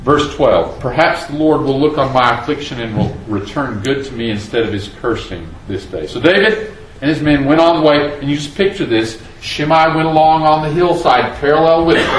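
Man, preacher, expository sermon, somewhat high voice, roomy echo. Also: fairly bright tone, slight background noise. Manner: dramatic scripture reading with rhetorical questions.

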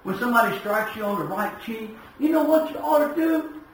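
A man preaching a sermon in a folksy storytelling way, swinging between shouted emphasis and quiet asides. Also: very high voice, expressive, brisk, slight background noise. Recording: echoey room from a distance.

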